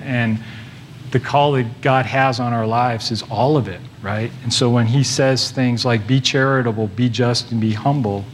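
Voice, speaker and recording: A man preaching a sermon in a relaxed, conversational way, often restarting his sentences and pausing on fillers. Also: mid-range voice, slight background noise.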